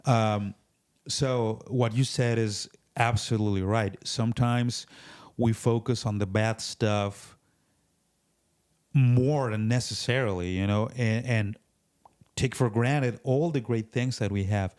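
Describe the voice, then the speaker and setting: A man, a podcast guest in casual faith talk, who acts out complainers in quick put-on voices. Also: lowish voice, steady tone, a little mellow.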